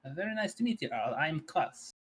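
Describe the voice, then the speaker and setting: A man's voice: a little high, very animated, fairly quick, fairly bright tone, husky. A man playing a character in a tabletop game, joking and sometimes dropping into whispered asides. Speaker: player. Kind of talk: in-character tabletop role-play.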